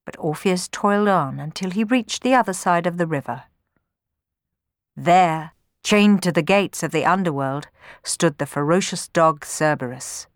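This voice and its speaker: Woman storyteller, clear expressive reading, lowish voice, dry close sound. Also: measured pace, dry recording. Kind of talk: storybook narration.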